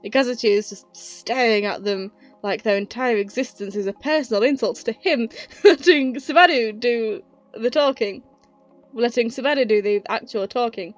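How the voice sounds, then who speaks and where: A woman talking through a casual retrospective review, slightly out of breath, chatty and enthusiastic and quick to laugh. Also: on the high side, muffled recording, faint music behind.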